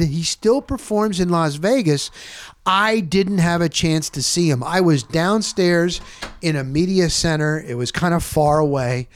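Man, talk host, casual storytelling, animated, somewhat high voice, dry close sound. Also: moderate pace, clean tone, no echo. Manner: animated, jumps into high voices when quoting people.

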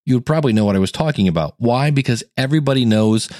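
A man's voice: mid-range voice, lively intonation, racing, mellow, dry recording, studio quality. A man hosting a solo podcast on how to podcast, talking conversationally and enthusiastically and acting out quotes. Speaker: podcast coach and host. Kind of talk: solo educational podcast monologue.

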